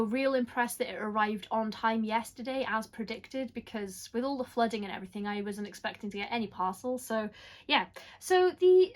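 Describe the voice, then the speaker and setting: A young woman talks through a book subscription box in a chatty, rambling way. She pitches a little higher than most women. She keeps apologising and poking fun at herself. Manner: chatty, apologetic, self-deprecating. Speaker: book vlogger. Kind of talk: casual unboxing chat.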